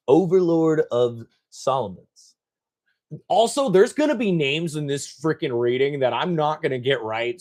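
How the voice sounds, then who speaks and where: Man reading a novel aloud, joking asides. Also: medium pitch. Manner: stumbles over words and breaks off with joking asides. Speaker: gaming channel host.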